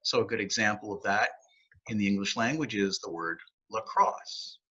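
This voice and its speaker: A husky-voiced man teaches poetry and sounds out the beats as he explains them. His tone is upbeat and explanatory, and the recording sounds dull and lo-fi. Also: fairly low pitch, normal speed, bright, forceful tone. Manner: upbeat, explanatory, taps out rhythms aloud. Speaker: poet laureate teaching poetry. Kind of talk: educational video talk.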